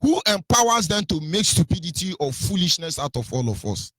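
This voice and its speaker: A man's voice: fairly high pitch, sing-song, fairly quick, a bit bright, dry recording. A man giving impassioned radio commentary, hammering home repeated rhetorical questions.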